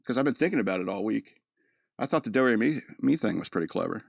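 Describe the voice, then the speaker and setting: A man's voice: on the low side, animated, fast, gravelly, no echo. A man from the US East Coast with a mid-Atlantic American accent, hosting a podcast in a rambling, joking monologue. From East Coast of the United States. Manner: rambling, joking, laughs often. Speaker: podcast host. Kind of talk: casual monologue.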